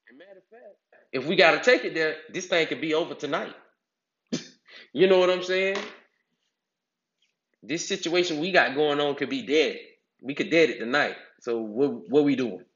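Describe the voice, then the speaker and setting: A man's voice: a little high, moderate pace, pauses often, a bit bright. A man, giving casual advice and acting out other people's voices with big swings. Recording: echoey, slightly dull sound.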